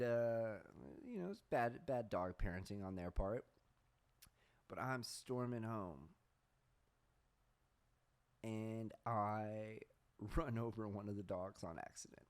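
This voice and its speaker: A man's voice: lowish voice, a little slow, long pauses, darkish tone. A young man hosting a podcast, telling stories in a rambling casual way, swearing often and laughing at himself. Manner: reads search results aloud. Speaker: podcast host. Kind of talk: casual storytelling chat.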